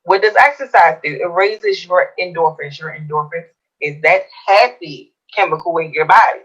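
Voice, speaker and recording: A woman's voice: lowish voice, normal speed, fairly bright tone, husky, lo-fi sound. A woman co-host earnestly explaining her views in a talk show discussion.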